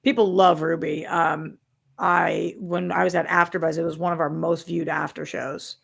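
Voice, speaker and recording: Gravelly-voiced woman co-hosting a chat. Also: deep voice, little pitch movement, moderate pace. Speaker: co-host. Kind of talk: casual chat.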